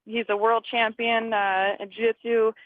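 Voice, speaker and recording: A fairly high voice with little pitch movement and a moderate pace belongs to a young woman fighter in her twenties. She's a guest on a phone interview, chatting, laughing often and acting out conversations, on a dry, tinny line.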